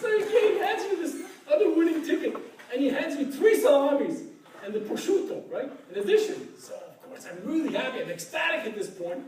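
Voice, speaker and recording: Animated high-voiced middle-aged man telling a story. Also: a little fast. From Ottawa, Canada. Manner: animated, laughs often, keeps asking "right?". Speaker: professor. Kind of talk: storytelling anecdote. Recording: echoey room, distant mic, crowd chatter.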